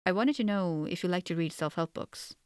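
A woman's voice: fairly low pitch, a little fast, darkish tone, clean tone, no echo, clean studio sound, close to an everyday voice. A woman voicing a shy young man who stammers and hesitates on the phone. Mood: hesitant.

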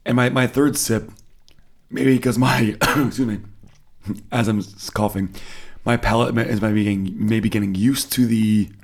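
An easygoing man from the States co-hosts a casual podcast, dropping slang and fillers. His voice sits a bit low. It carries a gravelly fry. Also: steady tone, a little slow. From United States. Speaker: podcast co-host. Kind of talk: casual chat.

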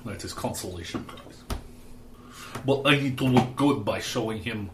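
A man's voice: on the low side, moderate pace, noisy background, close to an everyday voice. Man putting on a Russian-accented bear of a noble. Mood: dry scheming. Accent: mock Russian. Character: big jovial bearlike male noble candidate.

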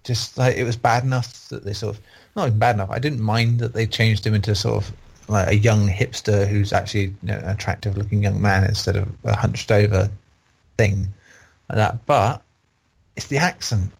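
A man's voice: lowish voice, steady tone, normal speed, vocal fry, breathy edge. A man reviewing games in a casual, rambling and opinionated chat. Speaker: game reviewer on a podcast.

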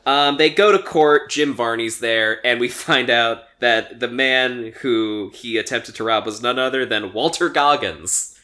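A young man casually recapping a movie on a podcast, rambling with lots of fillers and quick acted-out quotes. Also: medium pitch, bright, forceful tone. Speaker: podcast co-host.

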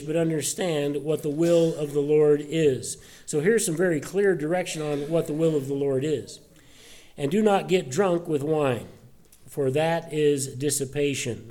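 Earnest pastor with a mellow, slightly high voice. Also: male voice. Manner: earnest, conversational, many uh fillers and restarts. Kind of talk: sermon. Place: church service.

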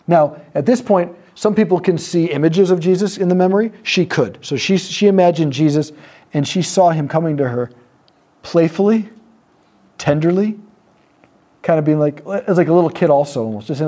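A man's voice: a little high, warm tone. A man giving a teaching talk on prayer to a group, telling a story and voicing the people in it. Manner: storytelling, acts out quoted voices, lets pauses land. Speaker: speaker teaching on prayer ministry. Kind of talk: sermon-style talk to a live group.

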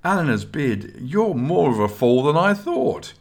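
A man's voice: medium pitch, very animated, unhurried, pitched above the performer's own voice. A man reading aloud and voicing a plaintive, complaining young male squire in a storybook. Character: young male squire, whiny and self-pitying.

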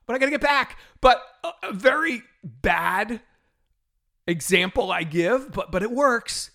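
A middle-aged man hosting a solo fitness podcast, talking in an animated, exasperated rant with frequent laughs. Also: high-pitched, a little slow, gravelly. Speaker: podcast host and fitness trainer.

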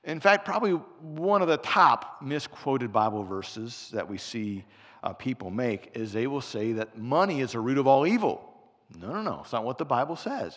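A man preaching a conversational sermon as pastor, telling stories along the way. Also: medium pitch. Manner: animated, conversational storyteller. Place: church sanctuary. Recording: long church reverb.

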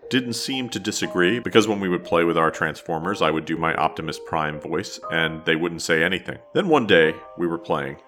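A man's voice: sits low, pushed and bright. A man from New Jersey hosting a podcast, telling a wry, self-deprecating story in scripted narration. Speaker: podcast host.

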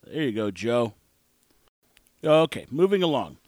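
A man's voice: a little high, very animated, normal speed, no echo. A man hosting his own show, rambling through an opinionated casual monologue. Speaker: podcast host.

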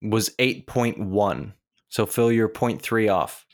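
A man runs a relaxed movie rating game among friends. He reads out the scores in a steady, measured way. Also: lowish voice. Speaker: game host. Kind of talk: casual movie chat.

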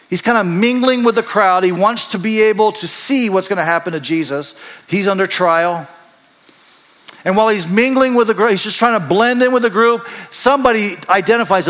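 A male pastor preaching a sermon, telling the story in an animated way and acting out the quoted voices, then dropping soft and low for reflective moments. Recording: long hall reverb.

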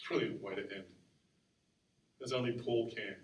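A man preaching a sermon in a conversational, animated way, acting out the quotes he tells. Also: lowish voice, normal speed, lo-fi sound. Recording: roomy sound from far off the mic.

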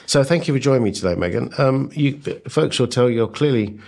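Gravelly-voiced English man hosting, joking. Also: mid-range voice, lively intonation, brisk. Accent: North London English. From Essex, England. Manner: jokey and warm toward guests, dry quips. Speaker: podcast host. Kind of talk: casual interview chat.

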